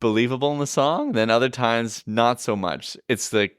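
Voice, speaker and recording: A man's voice: mid-range voice, normal speed, smooth, no room sound, studio quality. A Canadian man co-hosting a podcast, chatting casually and laughing often. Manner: chatty, laughs often, reads lyrics aloud. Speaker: podcast co-host. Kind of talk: casual chat.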